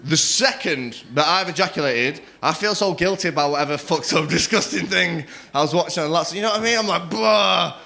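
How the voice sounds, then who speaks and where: Cheeky young comic. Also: male voice, fairly high pitch, sharp tone. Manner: crude, cheeky storytelling, acting out others in quick quoted voices. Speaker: stand-up comedian. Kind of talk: stand-up set. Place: comedy club stage. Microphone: stage microphone.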